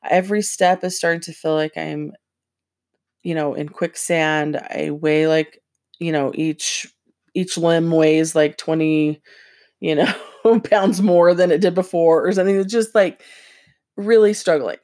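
A woman casually telling a personal story, rambling and halting with lots of filler words, earnest and emotional, her voice dropping quiet at the hard parts. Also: fairly low pitch, creaky. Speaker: vlogger sharing personal experience.

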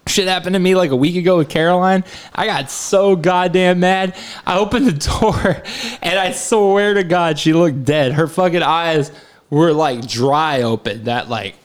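A man's voice: fairly high pitch, unhurried. A man co-hosting a podcast, joking crudely and trading banter in casual chat. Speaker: podcast co-host.

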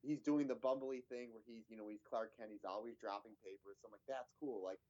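A man's voice: on the low side, a little fast, mellow. Guy chatting about an episode, lots of ums and restarts, kinda muffled lo-fi sound. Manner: rambling, many fillers and restarts. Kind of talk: casual chat recapping a TV episode.

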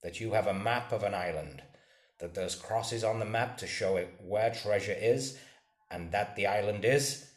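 Man doing a gruff, stern sea captain. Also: on the low side, moderate pace, close to an everyday voice. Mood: gruff complaint. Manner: blunt, disapproving. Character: stern grumbling middle-aged male sea captain. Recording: roomy echo.

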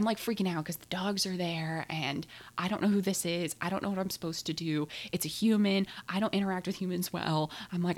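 A young woman co-hosting a podcast, telling a personal story in a rambling, animated way with lots of fillers. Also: fairly low pitch. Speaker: podcast co-host. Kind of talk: casual podcast chat.

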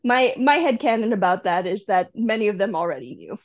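A woman's voice: mid-range voice, sing-song, fairly quick. A woman co-hosting a podcast in casual chat, wry and laughing often. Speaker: podcast co-host. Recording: dull lo-fi sound.

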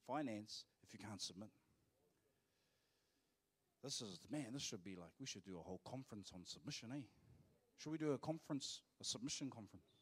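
A man's voice: mid-range voice, husky. New man preaching with emphasis. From New Zealand. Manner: emphatic preaching, turns to joking asides with the congregation. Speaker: pastor. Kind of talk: sermon. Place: church service, live.

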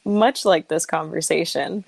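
A woman in her twenties leading a podcast chat, talking in a reflective, measured way. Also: low voice, creaky, slightly rough, dry recording, poor audio. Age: 20s. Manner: reflective, wraps up topics with a measured toast.

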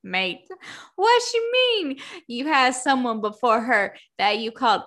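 A young woman with a bright, forceful voice hosts a casual book-recap podcast. She talks in an animated, profane rush, laughs often and slips into little acted-out voices for the characters. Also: sits high, measured pace. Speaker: podcast host.

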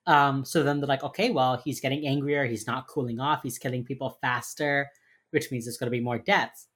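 A woman's voice: rumbling low, fairly even intonation, brisk, breathy edge. A woman co-hosting a casual chat, animatedly acting out lines from a TV show and swearing freely. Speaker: podcast co-host recapping a TV crime drama.

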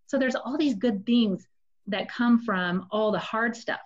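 A woman's voice: fairly high pitch, a little slow, lo-fi sound. A woman sharing a personal testimony in a casual, confessional storytelling way, speaking directly to her listeners.

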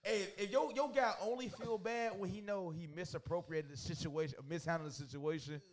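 A man's voice: sits high, a little fast, a little hiss or hum. A man in casual podcast banter, emphatic and lecturing, often repeating himself to make a point.

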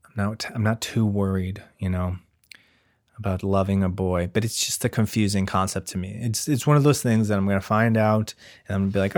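A man's voice: fairly low pitch, steady tone, brisk, dry recording, clean studio sound. A man in his thirties giving a rambling, self-deprecating comic monologue as a nervous expectant father, full of wordplay and put-on quotes. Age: 30s. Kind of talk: casual comedic monologue.

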